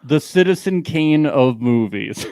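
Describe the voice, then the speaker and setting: A man's voice: medium pitch, expressive, a little slow, warm tone, clear, resonant tone, no room sound, studio quality. A man co-hosting a casual recap podcast, joking and rambling with lots of fillers. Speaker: podcast co-host.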